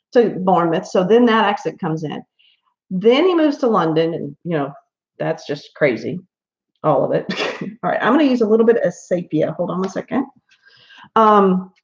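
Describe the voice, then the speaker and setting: A woman's voice: mid-range voice, muffled recording. A woman hosting a casual livestream at home while she colors, chatting in a rambling way and laughing often. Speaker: livestream host.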